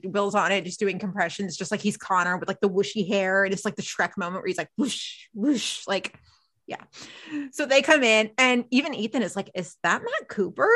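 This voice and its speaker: A woman co-hosting a podcast, recapping a TV episode in casual chat, animated and laughing often as she acts out characters' lines. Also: fairly high pitch. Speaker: podcast co-host.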